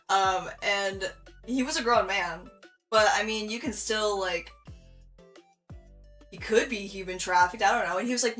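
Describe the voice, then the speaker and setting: A woman's voice: medium pitch, moderate pace, pushed and bright, faint music behind. A young woman from Michigan chatting through a vlog, giggly and full of fillers as she tells a story. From Michigan, USA. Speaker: vlogger.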